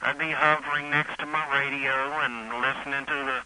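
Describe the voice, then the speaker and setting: A man's voice: mid-range voice, flat delivery, bright, forceful tone. An older man from North Carolina calling in to a radio show, rambling with lots of fillers over a phone line. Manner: rambling, halting, many fillers. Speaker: caller. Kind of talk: casual phone-in chat. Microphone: telephone. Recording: phone line with faint noise.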